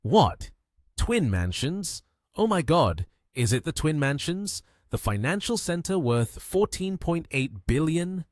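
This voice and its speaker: A man voicing an excitable newly rich young man. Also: on the low side, moderate pace, dry recording, studio quality. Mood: amazed.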